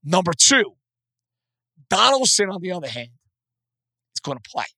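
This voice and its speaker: A man hosting sports talk radio with a hoarse voice, blunt and opinionated. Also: sits high, very animated, normal speed, bright, forceful tone, no room sound.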